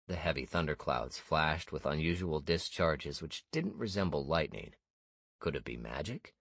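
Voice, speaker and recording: A man narrating a first-person fantasy audiobook in a steady, measured way. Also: extremely low pitch, dry recording.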